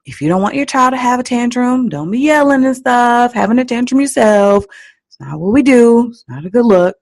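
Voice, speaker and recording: A woman hosting a parenting podcast, giving advice in an animated, teacherly way and laughing at her own stories. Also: fairly high pitch, moderate pace. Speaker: parenting coach and podcast host. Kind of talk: solo podcast advice talk.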